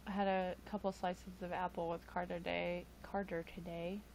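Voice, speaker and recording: A woman's voice: lowish voice, level tone, moderate pace, gravelly, darkish tone, a little hiss or hum. A tired woman chatting casually with live-stream viewers, rambling with frequent chuckles and fillers into a webcam mic. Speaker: livestream host.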